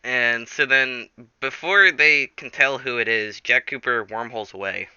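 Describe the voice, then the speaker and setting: A man's voice: mid-range voice, measured pace, bright, forceful tone, clear, resonant tone, dry recording, lo-fi sound. A man casually telling a rambling story, full of fillers and restarts, acting out the characters. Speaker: storyteller, channel host.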